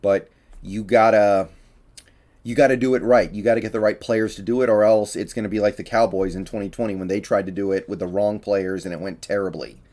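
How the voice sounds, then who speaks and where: A man's voice: fairly low pitch, fairly even intonation, quick pace, few pauses, mellow. A man giving a casual, opinionated solo breakdown of football, a little out of breath, with fillers and restarts. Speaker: sports commentator. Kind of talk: casual solo sports analysis.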